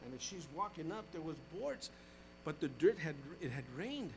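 A male pastor preaching a sermon in church, calling out to the congregation and switching between loud exhortation and hushed, folksy storytelling. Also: a little high, big pitch swings, moderate pace, slight background noise, poor audio.

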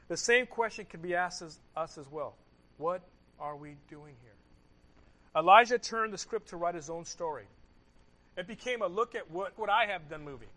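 A man preaching a sermon, swinging between loud emphasis and hushed asides, repeating key phrases and asking rhetorical questions. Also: sits high, rough recording. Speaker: pastor.

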